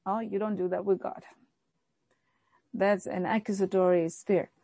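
A woman's voice: mellow, husky, dry recording. Woman preaching emphatically in a dry recording. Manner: emphatic preaching, acting out prayers in shifting pitch. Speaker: pastor. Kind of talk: sermon.

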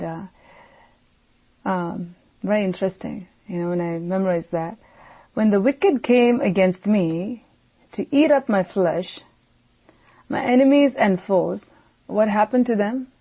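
A woman preaching a devotional sermon, slow and emphatic, repeating key phrases for weight. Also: mid-range voice, breathy edge. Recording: dull lo-fi audio.

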